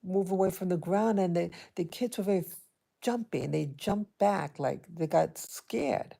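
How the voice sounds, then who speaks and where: Deep, gravelly woman vlogger. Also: dark tone. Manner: hesitant, halting, with many restarts. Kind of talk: casual personal storytelling to camera.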